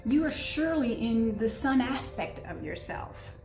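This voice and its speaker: A woman giving an excitable, gushing tarot reading, talking straight to her viewers. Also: on the high side, a little slow, roomy sound, loud music behind the voice. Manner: excitable, gushing, breathless asides. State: out of breath. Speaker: tarot reader.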